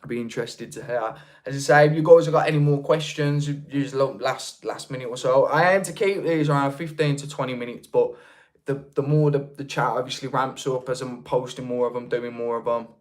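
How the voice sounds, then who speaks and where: A man's voice: medium pitch, brisk. A young man with a Birmingham accent, hosting a casual livestream and chatting with viewers in a rambling way, full of restarts. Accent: Birmingham (Brummie). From Birmingham, England. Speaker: livestream host. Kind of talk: casual live chat reading viewer comments.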